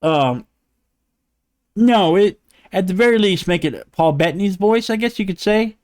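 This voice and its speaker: A man co-hosting a podcast, ranting in casual debate chat, animated and profane, laughing as he rambles. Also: high-pitched, a little slow. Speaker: podcast co-host.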